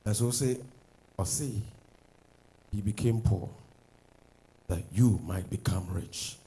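A man preaching a sermon as pastor, swinging from loud declarations to low asides. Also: slow pace, husky, poor audio.

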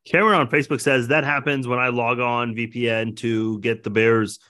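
An easygoing man with a middle-pitched, bright, forward voice, telling stories in relaxed podcast chat. He reads viewer comments aloud between anecdotes. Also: a little fast.

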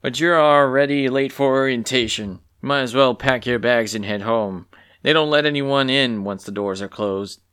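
A man's voice: medium pitch, moderate pace, fairly bright tone, clean tone, pitched above the performer's own voice, close to an everyday voice. A man voicing a snobbish male bird upperclassman who is curt and scornful.

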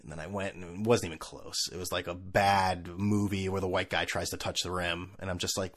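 Animated man ranting about sports. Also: low-pitched, quick pace. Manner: animated, laughing, mimics people in funny voices. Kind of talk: casual sports rant.

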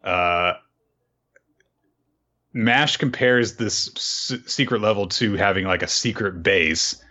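A man's voice: lowish voice, slow, sharp tone. A man casually recapping a manga chapter on a podcast, laid-back and chuckling, with lots of fillers. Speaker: podcast co-host.

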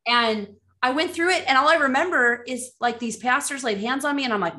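A middle-aged woman talks as a guest on a faith podcast, a ministry leader recounting her experiences. She acts out her own past reactions in quoted bits, her voice leaping high when she replays surprise. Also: brisk, few pauses. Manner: animated storyteller acting out her own reactions with big pitch jumps. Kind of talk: casual faith podcast chat, storytelling.

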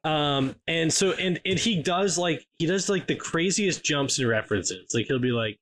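A man's voice: on the high side, expressive, moderate pace, hardly any pauses, fairly bright tone. A man co-hosting a podcast in casual chat, rambling with lots of fillers and restarts. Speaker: podcast co-host.

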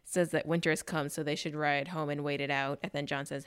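A woman's voice: sits low, level tone, fairly quick, few pauses, smooth. A woman co-hosting a casual chat, retelling a TV episode with dry, sarcastic asides. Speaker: podcast co-host.

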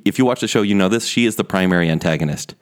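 Deep-voiced man explaining casually. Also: racing. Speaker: podcast co-host. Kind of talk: casual panel chat.

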